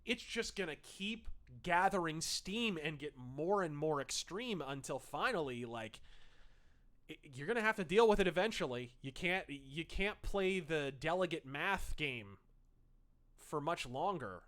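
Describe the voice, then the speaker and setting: A man's voice: a little high, expressive, a little slow, fairly bright tone. A man hosting a livestream, reading chat messages aloud and commenting in a snarky, profane, sarcastic way.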